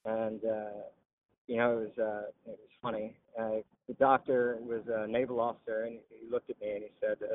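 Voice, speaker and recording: A veteran telling his story in an interview, halting with frequent "uh" pauses. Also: lowish voice, flat delivery, a little hiss or hum. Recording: tinny phone-like line.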